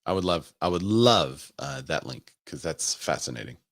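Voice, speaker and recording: Deep-voiced man hosting a chatty live stream. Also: big pitch swings, moderate pace, vocal fry, fairly bright tone, no echo, clean studio sound. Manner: chatty, thinking aloud, chuckling, asking viewers for opinions. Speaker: real estate agent and show host. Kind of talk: casual live-stream commentary.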